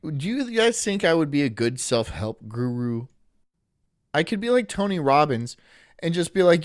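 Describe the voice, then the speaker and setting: A man's voice: a little high, very animated, normal speed, dry recording, clean studio sound, faint music behind. A man streaming and reacting casually, rambling in a sarcastic way and laughing often.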